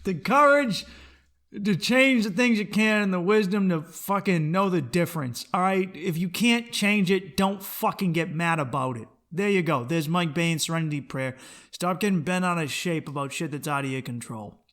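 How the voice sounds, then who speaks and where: A man with a high, slightly bright voice at normal speed hosts a comedy podcast alone. He rants bluntly and opinionatedly in a solo comedic rant, swearing a lot.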